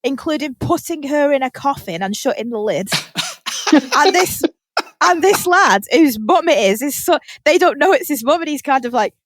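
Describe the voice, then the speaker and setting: A British woman hosting a podcast, telling animated stories in casual chat, laughing often and swearing casually. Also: sits high, normal speed, no echo. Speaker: podcast host.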